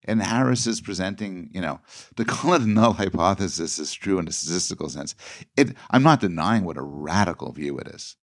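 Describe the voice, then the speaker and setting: A man talking as the guest expert in a casual discussion, thoughtful and halting, often repeating words as he thinks. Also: low-pitched, lively intonation, dry recording, clean studio sound.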